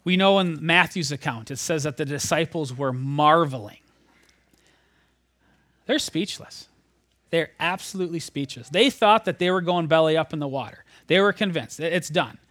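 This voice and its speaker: A man preaching a sermon, retelling a scripture story in a conversational, animated way, sometimes dropping almost to a whisper. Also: on the high side, moderate pace, no room sound.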